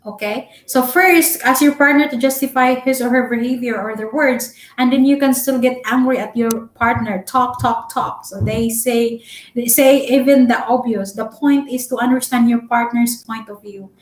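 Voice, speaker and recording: A young Filipino-accented woman, a Cebuano speaker, giving relationship advice in a chatty, loud-spoken live-stream vlog full of fillers. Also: fairly high pitch, steady tone, normal speed. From Philippines. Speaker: vlogger. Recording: echoey room.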